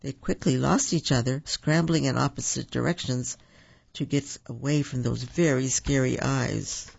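Guy reading a kids story, gravelly husky voice, kinda dull lo-fi sound. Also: medium pitch, fairly even intonation, moderate pace. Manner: gentle storytelling with small slips and restarts. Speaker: storybook reader. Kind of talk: children's story read aloud. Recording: dull lo-fi recording.

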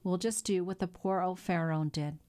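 A woman voicing a blunt, loyal old male sailor who talks in a gruff, plain-spoken way in a storybook reading. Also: lowish voice, steady tone, normal speed, darkish tone, lightly acted. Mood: earnest.

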